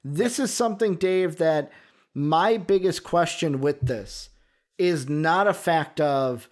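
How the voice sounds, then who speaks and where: A man with a Chicago accent chats casually as a sports podcast co-host. His voice sits slightly high, and he rambles through his thoughts with "uh" and "um" as he works out his points. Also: expressive, takes it slowly. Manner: rambling, thinking aloud with fillers.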